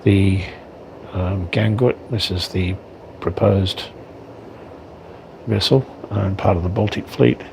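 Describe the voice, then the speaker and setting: A man's voice: low-pitched, takes it slowly, gravelly, pauses often, noisy background. A man giving casual unboxing commentary on his miniatures, hesitant, with frequent ums and self-corrections. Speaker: wargaming hobbyist reviewing miniatures.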